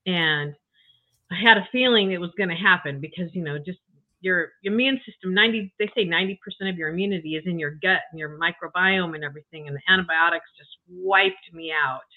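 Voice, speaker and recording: A woman's voice: lowish voice, brisk. Older woman on a tinny call line. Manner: chatty, emotional, frequent you-knows and restarts. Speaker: interview guest. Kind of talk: casual personal story. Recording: tinny phone-like call audio.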